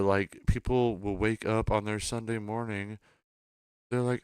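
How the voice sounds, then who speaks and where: A man hosting a casual late-night podcast chat, tired and a little drunk, repeating himself and trailing off quietly. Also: on the low side, steady tone, unhurried, clear, resonant tone, no echo, studio quality. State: sleep-deprived and tipsy. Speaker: podcast host.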